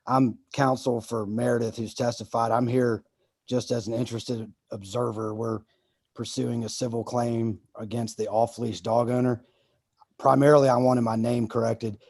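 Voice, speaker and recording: A man's voice: mid-range voice, little pitch movement, moderate pace, a little mellow, no room sound, clean studio sound. A man, a lawyer, making a precise, formal statement at a public hearing.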